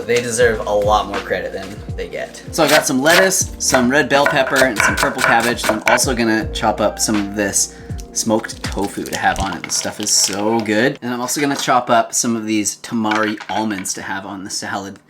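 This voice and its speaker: A man's voice: fairly low pitch, moderate pace, music in the background. A man hosting a casual food vlog, chatting to camera and laughing easily as he cooks and tastes. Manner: chatty, relaxed, laughs often. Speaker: vlog host. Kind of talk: casual chat to camera while cooking and tasting.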